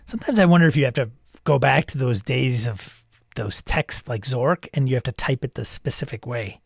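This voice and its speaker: A man's voice: mid-range voice, normal speed, vocal fry, breathy edge, no echo, studio quality. A man hosting, reading a text adventure aloud and reacting, wry and self-amused, chuckling at the game. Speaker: host.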